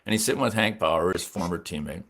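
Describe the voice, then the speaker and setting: A man in his sixties with a low, gravelly voice tells stories in a relaxed interview. He is a longtime sportswriter, and he livens up his anecdotes by acting out the people he quotes. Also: fast talker. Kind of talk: storytelling in a casual interview.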